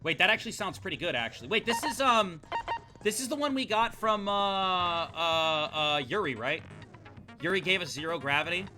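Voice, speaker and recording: A man streaming a visual novel game, reacting with excitable, profane rants to chat. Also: high-pitched, moderate pace, music in the background. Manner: excitable, ranting, swears often. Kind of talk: live game commentary.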